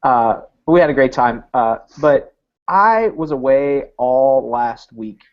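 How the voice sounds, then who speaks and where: A male pastor speaks at a middle pitch in a thoughtful, halting way, full of hesitations and fillers. It is a casual podcast chat. The sound is muffled and lo-fi. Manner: reflective, halting, many fillers.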